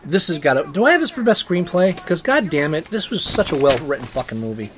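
A man's voice: on the high side, sing-song, fast talker. A man chatting casually as co-host, stammering on restarts and speaking emphatically, with some swearing. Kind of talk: casual chat.

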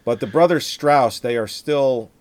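A man's voice: medium pitch, a little slow, darkish tone. A man chatting casually about films, rambling and swearing as he talks. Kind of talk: casual chat.

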